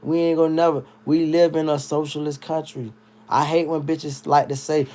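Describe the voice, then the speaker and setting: A man's voice: a little high, moderate pace. A drunk American man ranting on a livestream, heated and swearing a lot. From United States. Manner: loud, heated, swearing, animated. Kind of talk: profane livestream rant.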